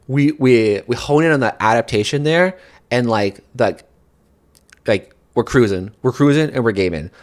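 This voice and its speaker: Rambling male gaming commentator. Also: mid-range voice. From New England. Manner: rambling, repeats words, excitable.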